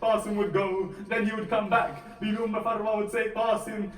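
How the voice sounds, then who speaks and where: A man tells a sermon story in a high voice, building to an impassioned, strained pitch. He sounds far from the microphone in an echoey hall. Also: flat delivery, moderate pace, few pauses. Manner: rising to an impassioned, strained delivery. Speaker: lecturer. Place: mosque hall.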